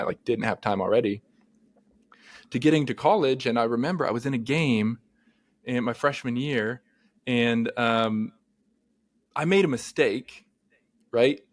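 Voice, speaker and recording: A man, a therapist co-hosting a podcast, talking casually and telling earnest, animated stories. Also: fairly low pitch, dry recording. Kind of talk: casual conversation.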